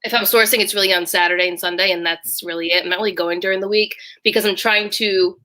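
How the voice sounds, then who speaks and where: A woman with a bright, forward voice hosts a casual live stream from home. She talks in a chatty way and greets viewers in the chat by name. She is heard through a video call mic. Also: medium pitch, steady tone, quick pace. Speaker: livestream host.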